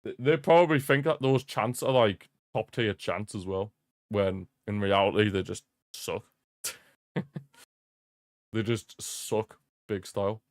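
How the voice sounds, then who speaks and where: A young man with a lowish voice talks through a football match for his stream, mixing running commentary with rambling banter. He laughs easily and circles back to repeat his own lines when something amuses him. The sound is close and dry, with no room echo, as from a desk microphone. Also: measured pace, pauses often. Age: young adult. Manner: chatty, laughs often, repeats himself, jokey rants. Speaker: streamer hosting a football watch-along. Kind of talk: live match commentary and casual chat. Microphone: streaming desk mic.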